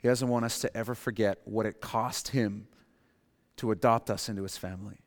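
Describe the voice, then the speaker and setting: A man preaching a sermon as pastor, swinging between forceful rises and quiet, emphatic drops. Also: on the low side, fairly even intonation, fairly quick. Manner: dynamic preaching, dropping to quiet emphasis and rising for acted quotes. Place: church sanctuary. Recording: long hall reverb.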